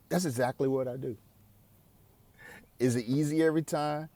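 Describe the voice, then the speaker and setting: A man's voice: medium pitch, fairly even intonation, moderate pace, long pauses, warm tone. A man in his forties giving a candid, conversational self-help talk that is laced with swearing. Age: 40s. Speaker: podcast host. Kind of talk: casual self-help monologue.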